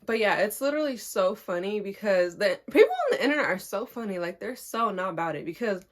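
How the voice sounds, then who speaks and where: A young woman vlogger telling a story in a casual storytime style, animated and acting out the people in her story. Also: medium pitch, brisk.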